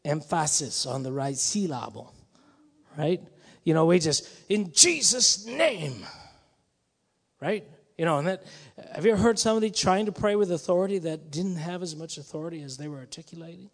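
A man's voice: fairly high pitch, fairly quick. A man preaching a sermon in a conversational, musing way that rises to emphatic bursts. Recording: long hall reverb.

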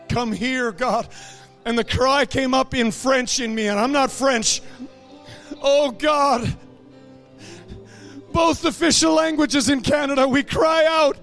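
A man's voice: extremely high pitch, steady tone, slow, gravelly, a bit bright. A man leading fervent intercessory prayer, pleading impassionedly and crying out over faint music. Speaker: prayer leader.

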